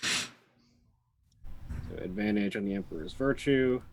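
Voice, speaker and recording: Low-voiced man explaining game rules. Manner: quick rules explanations, self-correcting. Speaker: tabletop game player. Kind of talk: casual chat, live-streamed tabletop game.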